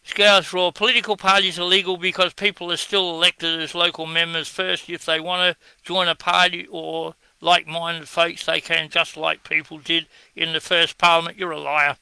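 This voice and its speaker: An Australian man argues in a blunt, scornful monologue. His voice sits a little high with a gravelly edge and a forceful, bright tone. The recording is dry and close. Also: little pitch movement, normal speed, few pauses, no room sound, poor audio. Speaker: online commentator answering viewer comments. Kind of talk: combative monologue.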